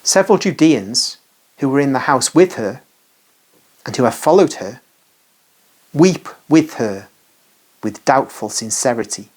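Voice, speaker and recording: A narrator reading a devotional vision text in a measured, solemn way. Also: mid-range voice, expressive, darkish tone, husky.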